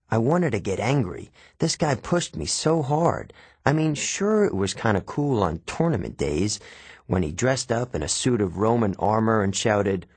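A man's voice: lowish voice, big pitch swings, moderate pace, a little mellow, husky, dry recording. A man narrating a novel in the first person in a casual, conversational teenage voice, recorded close in a studio. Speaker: audiobook narrator.

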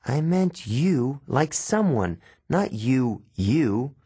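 A man's voice: medium pitch, sing-song, very slow, warm tone, husky, no echo, heavily acted. A man doing a jittery young satyr. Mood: flustered. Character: nervous young male satyr, jittery and touchy.

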